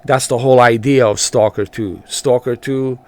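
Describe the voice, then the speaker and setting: A man giving casual, rambling gameplay commentary as a channel host, repeating himself and filling pauses with ums and uhs. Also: medium pitch, fairly even intonation, a little mellow.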